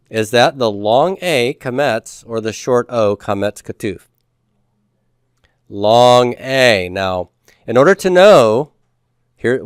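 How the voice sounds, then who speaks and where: A man's voice: medium pitch, clean tone, no echo, studio quality. A man reviewing homework as a teacher, patiently asking questions, answering them himself, and drawing out key words. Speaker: Hebrew teacher.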